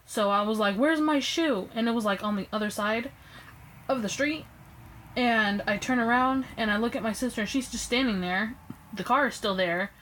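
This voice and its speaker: A young woman casually telling a personal story to her phone camera, animated and acting out what people said. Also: normal speed, a little hiss or hum, rough recording. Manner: animated, acts out quoted lines with raised pitch. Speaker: vlogger.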